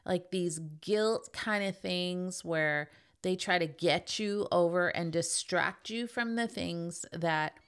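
A woman's voice: on the low side, slow, clear, resonant tone. A middle-aged woman hosting a podcast in a casual monologue, speaking candidly and with emphasis. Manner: emphatic, candid, acts out quoted voices. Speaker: podcast host.

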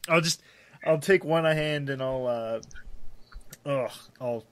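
A man playing in a tabletop game, animated and laughing, thinking out loud about his moves. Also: medium pitch, slow pace, no echo. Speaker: player. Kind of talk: casual tabletop play.

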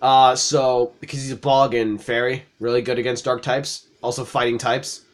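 A man's voice: medium pitch, level tone, moderate pace. A young man hosting a let's-play, chatting casually, laughing easily and swearing freely at a desk mic. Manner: loud, giggly and swearing freely. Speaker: gaming channel host.

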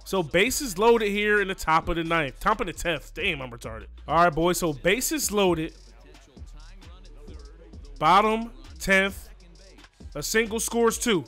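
With a high, bright, forceful voice, a gaming YouTuber calls his video game live like a sportscaster, hyping his players as plays unfold and saying "you know what I mean". He's excitable but speaks a little slowly, over soft background music.

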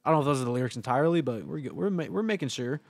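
A man chatting casually on a gaming livestream, excitable, laughing often, swearing and breaking into sudden yelps. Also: mid-range voice, very fast, creaky, no echo. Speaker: streamer.

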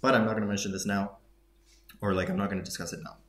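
A man's voice: fairly low pitch, flat delivery, rapid-fire, a bit bright. A man teaching a language lesson, walking through a dialogue with thoughtful explanations and many fillers. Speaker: Arabic teacher. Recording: echoey room.

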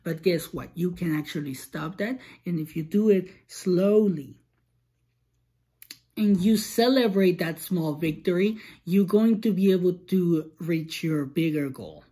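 A woman's voice: lowish voice, measured pace, warm tone, husky. A woman hosting a podcast, talking through an earnest, encouraging monologue in a loose, casual way with frequent restarts. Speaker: podcast host.

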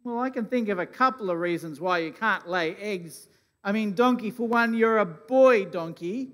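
A man giving the children's talk at a church service, asking simple, gentle questions. His voice rings out with the long reverb of a church hall. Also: high voice, normal speed. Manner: gentle questioning, plays along with puppet. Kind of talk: kids' talk from the stage.

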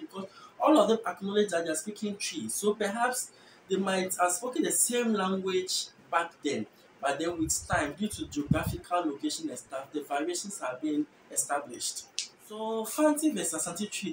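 A Ghanaian-accented host whose first language is Efutu, explaining language differences in a casual, thinking-aloud way with self-corrections. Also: mid-range voice. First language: Efutu (Guan). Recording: echoey room, distant mic, faint noise.

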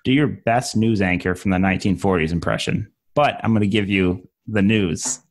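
A man's voice: low-pitched, moderate pace. A young man co-hosting a podcast in casual chat, joking around, swearing and laughing often. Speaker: podcast co-host.

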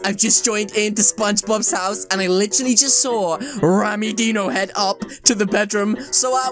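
A woman giving energetic, chatty gameplay commentary into a desk microphone, repeatedly addressing her viewers as guys. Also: fairly high pitch. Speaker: gaming video creator.

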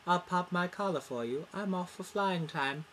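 A woman's voice: fairly low pitch, normal speed, a little hiss or hum, lightly acted. A woman playing a pompous, melodramatic soap opera character in an overblown, mock-dramatic parody.

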